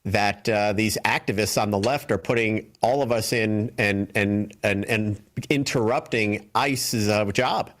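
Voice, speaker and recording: A man's voice: fairly low pitch, a little slow, hardly any pauses, fairly bright tone. Hesitant male political commentator. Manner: hesitant, many fillers, earnest. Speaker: co-host, news commentator. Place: TV studio.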